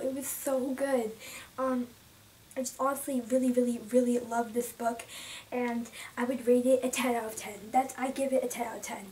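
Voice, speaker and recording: A young woman giving a casual, emotional book review, rambling with many restarts and sometimes dropping to a soft whisper. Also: on the high side, steady tone, moderate pace. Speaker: book vlogger. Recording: distant from the mic, faint room noise.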